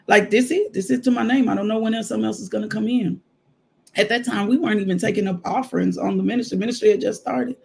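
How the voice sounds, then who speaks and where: A man's voice: high voice, fast talker, gravelly, husky. A man, preaching a casual devotional and telling his own testimony with laughter. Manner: animated storytelling testimony, frequent laughter. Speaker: minister.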